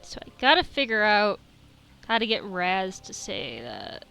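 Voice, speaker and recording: A woman's voice: medium pitch, big pitch swings, a little slow, creaky, pushed and bright, clear, resonant tone, soft background music. A woman hosting a let's-play, thinking aloud in casual, hesitant gaming commentary.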